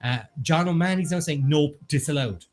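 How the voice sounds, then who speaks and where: A man's voice: a little high, moderate pace, darkish tone. A man with an Irish accent co-hosting a casual online quiz, bantering and reading out the chat. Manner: joking, bantering, reads chat aloud. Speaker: quiz co-host.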